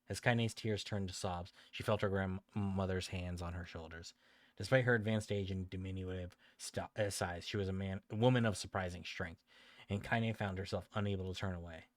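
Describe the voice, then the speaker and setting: Brief: low-voiced male streamer reading a story, dry sound, frequent self-corrections. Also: fairly even intonation, normal speed, no room sound.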